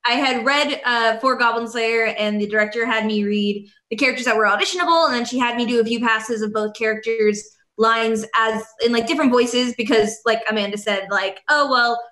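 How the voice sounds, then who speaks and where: A woman with a bright, forceful, slightly high voice tells a story on a panel and acts out the lines of the people in it. Her voice rings in an echoey room, and her delivery is lively and animated. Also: brisk, hardly any pauses. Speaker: voice actress and director. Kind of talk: casual anecdote.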